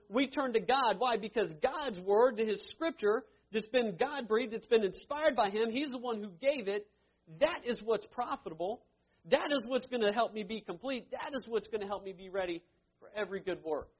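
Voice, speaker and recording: An earnest male preacher with a notably high voice delivers a sermon. He reads scripture in a measured, deliberate way, pressing on key phrases before explaining them plainly. The recording sounds dull and lo-fi. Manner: earnest, measured, reads verses slowly with emphasis.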